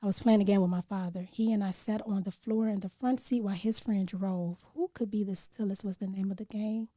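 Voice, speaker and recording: A woman's voice: mid-range voice, steady tone, brisk, warm tone. Woman, spoken-word poem, earnest, near-whispered passages, dry, no room echo. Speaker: podcast guest.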